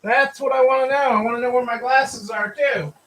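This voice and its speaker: A man's voice: very high-pitched, fairly even intonation, a little fast, noisy background. A man hosting a casual live stream for store owners, who greets viewers by name and repeats his phrases. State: hiccups. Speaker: livestream host for store owners.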